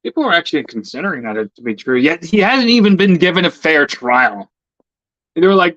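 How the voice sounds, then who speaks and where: A man's voice: a little high, lively intonation, moderate pace, pauses often, a bit bright, no room sound. A man in a casual, heated rant, swearing often and stammering over repeated words. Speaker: vlogger. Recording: dull lo-fi dry recording.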